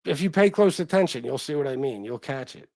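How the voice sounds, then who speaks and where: A man's voice: medium pitch, animated, a little fast, vocal fry, darkish tone, no room sound. A middle-aged man hosting a casual livestream, reading chat comments and talking in a blunt, profane, self-deprecating way.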